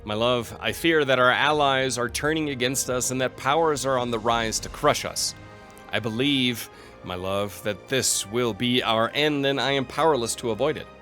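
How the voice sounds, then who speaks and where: A grave Spartan husband who fears the end of his people, read out by a man. The voice is solemn and mid-pitched, with faint music underneath. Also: moderate pace, bright, forceful tone, close to an everyday voice. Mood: fearful.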